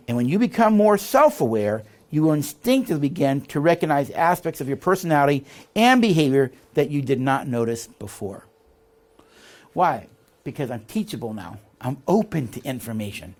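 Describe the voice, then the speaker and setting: In this recorded teaching lecture, a leadership instructor speaks briskly in a fairly high male voice. He lays out ideas, reads from the text, and animatedly checks in with listeners by asking "all right?" and "see?".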